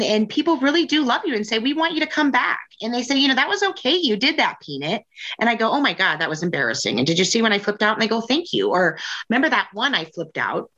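A woman tells stories in a relaxed, candid chat and often jumps higher to act out what people said. Her voice sits mid-range and sounds a little muffled and dull. She talks in an unguarded, personal way. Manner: animated storyteller, acts out quotes in raised voice.

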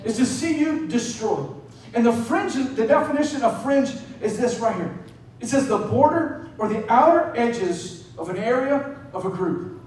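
A man's voice: very high-pitched, lively intonation, normal speed, darkish tone, slight background noise. A young adult male pastor preaching a sermon, telling a story in a conversational way and often asking "right?". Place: church hall. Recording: echoey hall, mic at a distance.

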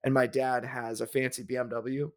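A man's voice: medium pitch, level tone, moderate pace. Brief: man, podcast co-host, easygoing rambling chat, fillers and restarts. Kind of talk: casual chat.

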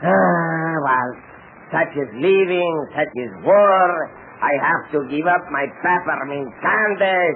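A man's voice: fairly high pitch, slow pace, phone-quality sound. An actor playing a wily foreign henchman who speaks broken English in a 1940s radio drama. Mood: coaxing. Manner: broken English, sly and coaxing. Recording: scratchy noisy 1940s radio broadcast.

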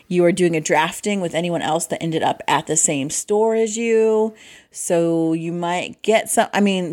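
Chatty woman with a lowish voice. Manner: chatty, laughs easily, acts out voices in asides. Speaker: podcast co-host. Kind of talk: casual board game chat.

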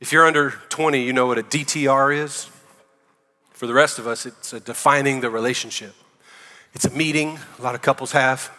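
A man's voice: medium pitch, steady tone, fairly quick, pushed and bright. A male pastor with a Southern US accent preaching a sermon in a conversational way, with joking asides. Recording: long hall reverb.

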